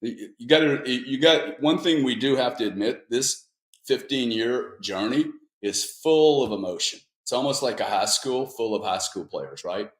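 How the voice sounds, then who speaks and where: A man's voice: medium pitch, normal speed, echoey room. A man speaking as a guest panelist, rambling and emphatic in an opinionated discussion.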